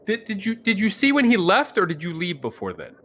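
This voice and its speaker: A man's voice: high-pitched, huge pitch swings, brisk, fairly bright tone, a little hiss or hum. A man playing his character at a tabletop game, hesitant and wry, with lots of fillers. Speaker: player.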